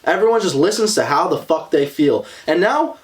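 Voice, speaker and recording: Brash young male co-host, high and very animated, swears a lot. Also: moderate pace. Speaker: podcast co-host. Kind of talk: casual chat.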